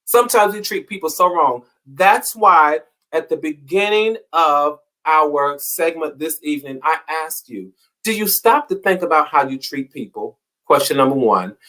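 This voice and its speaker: A man gives an inspirational talk to his viewers with a preacher's cadence. His voice sits a little high for a man. He stacks repeated phrases and lets each line swell and then fall back. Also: lively intonation, a little slow, bright, forceful tone. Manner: preacherly, repetitive, rising and falling emphasis. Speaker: motivational show host.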